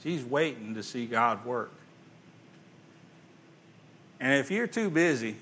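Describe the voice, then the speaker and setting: A man preaching a sermon, swinging between loud emphasis and hushed, quiet passages, reading scripture aloud in old-fashioned wording. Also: fairly high pitch. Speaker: pastor.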